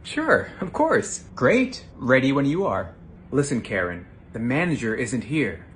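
A performer playing an exasperated actor at an audition in a comedy sketch, wry and swinging between loud and flat reads. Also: mid-range voice, unhurried, a little hiss or hum.

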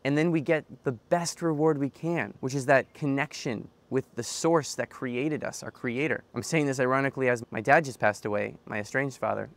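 An earnest young man speaks straight to camera in a reflective, personal monologue. His voice sits at an ordinary middle pitch, and he often circles back and repeats phrases to drive a point home. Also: normal speed, gravelly, hardly any pauses. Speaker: self-help vlogger.

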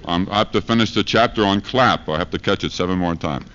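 A deep-voiced man talks quickly over a noisy background in this 1970s live archive recording, dull and lo-fi in quality. He's a street preacher comedian delivering a profane, rambling stand-up set full of rhyming chants to a university lecture hall crowd.

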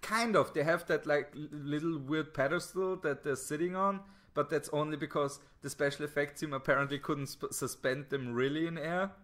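A man's voice: a little high, normal speed, few pauses, fairly bright tone. A man co-hosting a casual podcast about an old TV show, joking and laughing often. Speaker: podcast co-host. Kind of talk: casual chat.

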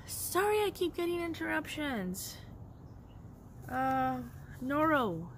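Chatty woman with a gravelly voice. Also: high voice, takes it slowly, slight background noise. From Los Angeles area. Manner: chatty, excitable, laughs often. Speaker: craft vlogger. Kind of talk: casual yarn haul chat.

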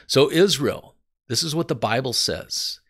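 A man's voice: medium pitch, expressive, unhurried, fairly bright tone. An American man teaching from the Bible in an earnest, emphatic way, speaking straight to his viewers. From United States.

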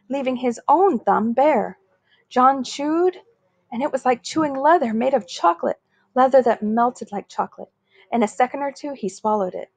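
A woman's voice: on the high side, husky, dry recording. Woman reading a children's book aloud. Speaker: story reader.

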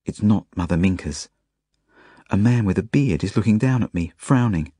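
A man reading an audiobook as a first-person narration, in plain, measured storytelling. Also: lowish voice, lively intonation, mellow, slightly rough, no room sound, studio quality. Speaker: audiobook reader.

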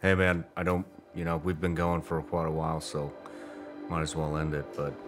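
A male host closing out a long interview in an easy, relaxed tone. His voice is very low. Music plays clearly under his words. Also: normal speed. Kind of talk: casual interview wrap-up.

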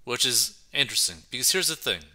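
A man's voice: medium pitch, sing-song, fairly quick, bright, forceful tone. A man giving casual commentary on a news story, chatty and filling his talk with "right" and "like". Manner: chatty, keeps saying right and like. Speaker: commentary channel host.

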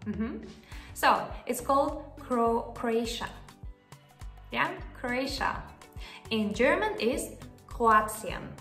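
A woman with a bright, high, animated voice hosts a casual language lesson. She speaks slowly and keeps asking the viewer "yeah?". Her voice echoes around the room over soft background music. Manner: chatty, often checks in with the viewer using "yeah?". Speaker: language teacher and channel host.

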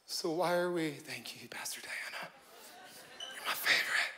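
High-voiced animated male pastor. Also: normal speed, heavy background noise. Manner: animated, jokey preaching that swings between loud and hushed. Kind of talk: sermon. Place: church stage before a live congregation.

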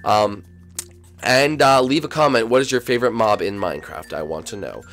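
A young man hosting a Minecraft role-play, excitable and swinging from loud shouts to mumbled asides. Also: lowish voice, normal speed. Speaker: YouTube host and role-player.

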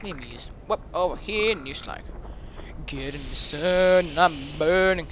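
A man giving excitable gaming commentary into a headset mic, swearing often and breaking into sudden yelps and shrieks. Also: fairly high pitch, normal speed, background noise. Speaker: let's play gamer.

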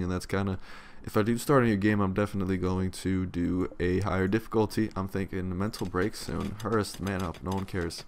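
A man's voice: low voice, fairly even intonation, fairly quick, hardly any pauses, a little hiss or hum. A young man giving casual, rambling gameplay commentary, swearing freely and yawning often. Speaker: let's play commentator.

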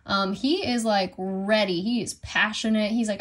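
A woman's voice: mid-range voice, steady tone, normal speed. A young woman giving a casual tarot reading at home, rambling through many fillers and apologizing for her slips. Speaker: tarot reader.

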